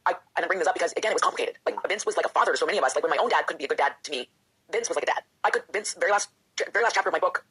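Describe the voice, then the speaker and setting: A professional wrestler and author, interviewed as a guest, talks at a rapid clip in a husky, breathy voice on the low side, expressive and fairly bright in tone. Candid and emotional, she often slips into performing her inner doubting voice.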